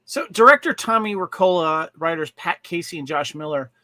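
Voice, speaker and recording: A man's voice: on the high side, expressive, moderate pace, bright, forceful tone, no echo, clean studio sound. A man co-hosting a podcast, chatting casually and enthusiastically about movies in a rambling way. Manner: rambling and enthusiastic, full of restarts. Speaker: podcast co-host. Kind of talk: casual chat reviewing movies and shows.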